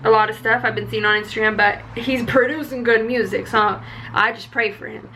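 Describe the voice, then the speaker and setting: A young woman vlogging casually, chatty and excitable with high energy. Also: fairly quick, slight background noise, poor audio. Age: young adult. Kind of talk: casual chat.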